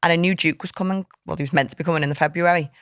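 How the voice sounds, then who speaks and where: Fast-talking woman telling her story. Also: lowish voice, steady tone, a bit bright, dry recording, clean studio sound. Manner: heartfelt, tumbling recollection full of quoted speech. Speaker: podcast guest. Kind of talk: candid personal storytelling in an interview.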